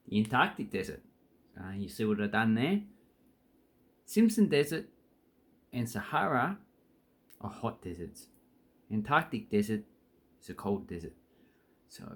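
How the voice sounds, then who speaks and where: Aussie guy teaching english, slow and easygoing, jokes around, leans hard on key words. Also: medium pitch. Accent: Australian. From Australia. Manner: playful, jokey, emphatic on key words. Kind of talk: casual language lesson.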